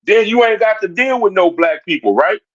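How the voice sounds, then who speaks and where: Man, livestream commentator, high voice, confrontational rant, repeats himself, muffled lo-fi sound. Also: expressive, fairly quick. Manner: confrontational, repetitive, addresses chat directly. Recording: dull lo-fi stream audio.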